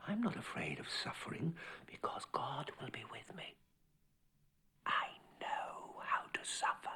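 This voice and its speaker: An actor voices a tormented young male dancer descending into madness in a film voice-over monologue, his low-ish voice hushed and often whispered before breaking into distant shouts. The delivery is measured in pace yet very animated and exaggerated, with a haunted whisper.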